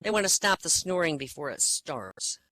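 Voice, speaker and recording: Animated woman telling jokes. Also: deep voice, moderate pace, very noisy. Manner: animated, acts out characters in jokes. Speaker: joke teller leading the session.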